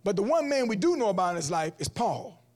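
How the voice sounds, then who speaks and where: A man, preaching an energetic, comic sermon as guest speaker at a church event. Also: high voice, quick pace. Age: 40s. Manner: animated, comic, acts out quotes in different voices. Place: church event hall before an audience.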